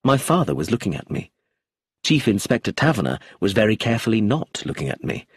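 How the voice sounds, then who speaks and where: A male narrator reads a story in a low, husky, breathy voice. His pitch moves a lot as he tells it. The recording is close and dry. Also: very animated, a little fast, dry recording. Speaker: audiobook narrator.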